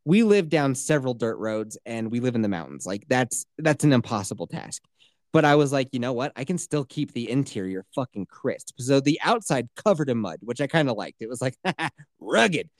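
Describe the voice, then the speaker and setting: A man ranting through a casual podcast story, swearing freely as his pitch climbs and drops across a lively range. His voice sits at an ordinary middle pitch and sounds close and dry, with no room echo. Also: normal speed. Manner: profane, animated ranting storyteller.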